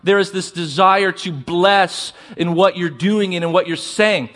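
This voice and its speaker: A man preaching a sermon as pastor, asking the congregation for responses and slowing down to stress key words. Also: sits high, fairly bright tone.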